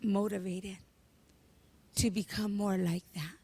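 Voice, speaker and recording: A woman giving a heartfelt eulogy at a memorial, telling stories with animated emotion. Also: medium pitch, slow, breathy edge. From Hawaii. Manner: emotional, animated storytelling, tearful at moments. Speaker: memorial speaker.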